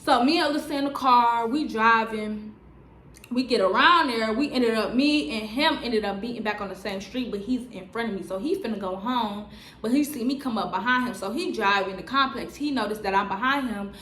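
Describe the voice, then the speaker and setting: A woman in her twenties telling a story on her vlog in a lively, slangy way, full of "like" fillers. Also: fairly high pitch, a little fast, echoey room. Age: 20s. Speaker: vlogger. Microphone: on-camera mic.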